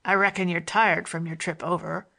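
A woman voicing a sly, grinning man with a broad Western American drawl, pitched lower than her own voice, in a storybook reading. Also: fairly even intonation, normal speed, gravelly, sharp tone, full character voice. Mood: mocking drawl.

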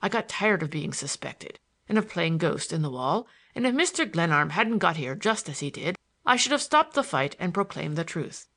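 A woman narrating a novel in a measured, expressive reading. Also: lowish voice. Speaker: audiobook narrator. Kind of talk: scripted narration.

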